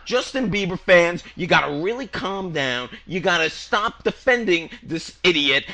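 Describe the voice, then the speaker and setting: A man's voice: high-pitched, animated, normal speed, few pauses, sharp tone. A man co-hosting a comedy podcast, ranting in a fired-up, profane way. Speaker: podcast co-host.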